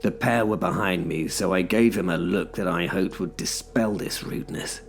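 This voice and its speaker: A man's voice: deep voice, moderate pace, vocal fry, a little hiss or hum. A man narrating a first-person story in a dry, wry storytelling manner.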